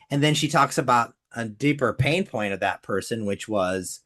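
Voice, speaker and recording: An animated business coach talks through a lesson for a podcast co-host, with the voice swinging widely up and down. Key points come back again and again with plenty of emphasis, and the speaker gets openly emotional over the stories. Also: mid-range voice, normal speed, few pauses.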